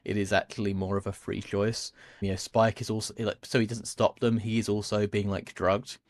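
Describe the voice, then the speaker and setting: A man's voice: lowish voice, little pitch movement, normal speed, dry recording, clean studio sound. A man talking casually and at length about a film on a podcast, rambling with many fillers and restarts. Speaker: podcast co-host.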